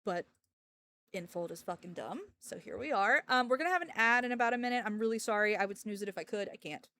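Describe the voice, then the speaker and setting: A woman's voice: medium pitch, lively intonation, fast, sharp tone. A young woman streaming and chatting casually, ranting sarcastically and laughing often. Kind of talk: casual livestream chat.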